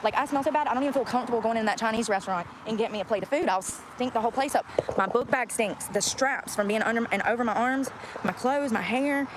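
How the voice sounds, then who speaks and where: Her voice runs on the high side and her pace is quick as she rants profanely at viewers. She's vlogging outside by a road, where traffic noise is clearly heard.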